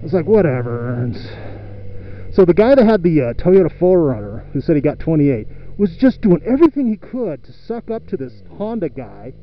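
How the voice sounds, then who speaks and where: A man's voice: on the high side, very animated, normal speed. Profane man ranting on a motorcycle. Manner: profane, exasperated venting. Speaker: motorcycle vlogger. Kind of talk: ranting vlog while riding. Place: outdoors on a motorcycle. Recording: dull lo-fi audio with faint road noise.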